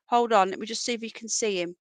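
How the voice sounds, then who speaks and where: A chatty woman hosts a casual livestream from home, talking straight to her viewers. Her voice sits fairly high, and she keeps breaking into a shrill singsong to call her pets. The sound is close and dry, picked up by an earphone mic. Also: steady tone, fast, no room sound. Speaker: livestream host. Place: home, indoors.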